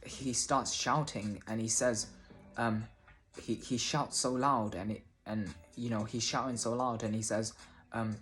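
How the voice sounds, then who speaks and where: A man telling a personal story casually to camera, halting often and restarting his sentences, with the odd swear word. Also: on the low side, fairly even intonation, fairly bright tone, faint music behind. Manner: hesitant, many restarts and fillers, casual swearing. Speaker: vlogger.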